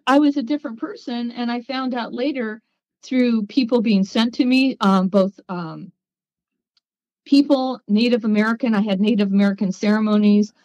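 A woman guest on a podcast, telling her story in a lively way and acting out the voices of people she quotes. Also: on the high side, normal speed, no room sound, highs cut off. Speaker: guest, psychic.

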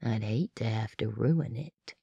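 A narrator voicing a menacing young male thug who talks slowly and low, in an audiobook. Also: vocal fry, dark tone, husky, no echo, dull audio, exaggerated voice. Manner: slow, low and threatening. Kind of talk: audiobook character voice.

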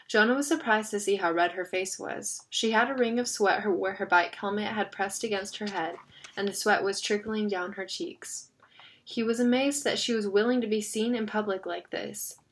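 A woman reading a children's novel aloud in a steady storytelling manner, stumbling over a word now and then. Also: mid-range voice, moderate pace. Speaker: narrator.

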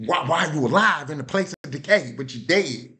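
With a slightly high, sharp, expressive voice at a moderate pace, this man delivers an informal, vernacular sermon. He keeps repeating "You hear what I said?" to his listeners.

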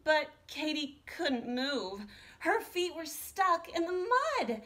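A woman art teacher reading a children's picture book aloud with an expressive, animated delivery. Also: high-pitched, slow pace. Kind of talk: storybook read-aloud.

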